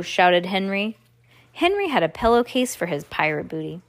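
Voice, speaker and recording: A woman's voice: medium pitch, very animated, moderate pace. A woman reading a children's book aloud at home, casually stopping to comment and restart lines. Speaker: reader.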